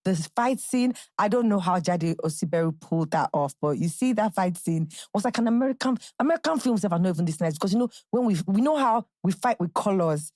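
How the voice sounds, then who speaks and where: Speaking brisk and expressive in a mid-range, darkish voice with hardly a pause, this Nigerian woman runs a solo podcast chat. Her bubbly, talkative style leaps into playful impressions and quotes. There's no echo.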